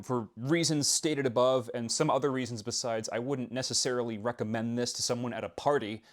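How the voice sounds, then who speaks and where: Young man, book-review host, casual monologue, wry and self-deprecating, very lively pitch, middle voice.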